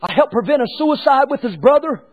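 A man preaching a sermon as pastor, swinging between hushed lines and shouted ones. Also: extremely high pitch, expressive, a little fast, phone-quality sound.

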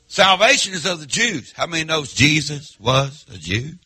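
Impassioned preacher, bright and husky. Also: male voice, a little high, lively intonation, moderate pace. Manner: impassioned preaching, swings from loud to near-murmur, rhetorical questions. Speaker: pastor. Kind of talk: sermon. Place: church.

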